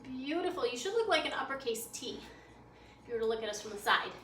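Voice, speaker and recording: A woman's voice: sits high, lively intonation, fast talker, a bit bright. A woman yoga instructor calling out poses in a guided class, upbeat, playful and encouraging, slightly out of breath. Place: library program room. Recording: echoey room, mic at a distance, faint noise.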